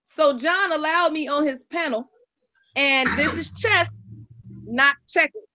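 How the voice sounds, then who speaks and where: Brash high-voiced woman storyteller. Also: unhurried, pushed and bright. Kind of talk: casual storytelling.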